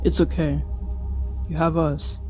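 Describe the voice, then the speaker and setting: A young reader voicing Daniel, a quiet and secretive teen newcomer in a homemade story, with a calm manner. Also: mid-range voice, a little slow, soft background music, natural voice. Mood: soothing.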